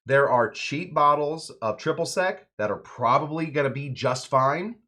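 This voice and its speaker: A man's voice: a little high, normal speed, bright, forceful tone. A man hosting a home cocktail show, chatting casually and joking around while he mixes a drink. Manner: playful, jokey, rambling asides.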